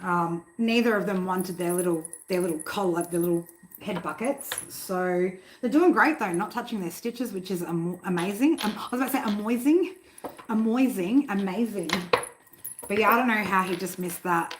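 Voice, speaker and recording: A casual, chatty woman reading tarot live from her home, with noise clearly audible behind her voice. She swears freely, laughs easily and talks straight to the chat. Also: mid-range voice, normal speed. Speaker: tarot reader hosting a live stream. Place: home room.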